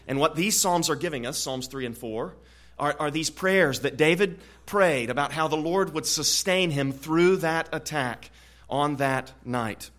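A man preaching an expository sermon in an earnest way, often repeating words and growing louder on key points. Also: fairly high pitch, measured pace. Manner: earnest, frequent word repetitions, swells louder on key points.

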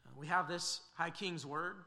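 Guy preaching a sermon, kinda high and really bright voice, earnest, lots of uhs. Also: moderate pace, vocal fry. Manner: earnest, questioning, with frequent fillers and restarts.

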